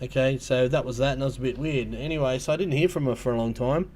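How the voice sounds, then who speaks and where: A man's voice: medium pitch, fast talker, a little mellow. Rambling Australian man chatting on a livestream. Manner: rambling storytelling with many ums and restarts. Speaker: livestream host. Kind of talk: casual livestream chat.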